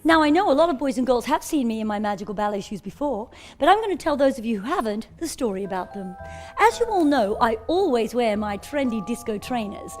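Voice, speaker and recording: A woman presenting a children's show in a fairy character, telling a story in an animated, sing-song way and talking straight to the children. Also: fairly high pitch, brisk, faint music behind.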